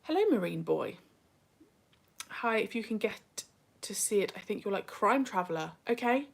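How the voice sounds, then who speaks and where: A woman's voice: mid-range voice, expressive, normal speed, creaky. Young female livestream host, chatty and self-mocking, casual home webcam sound. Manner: chatty, self-deprecating, drifts into whispers. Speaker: livestream host reading chat. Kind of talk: casual live chat.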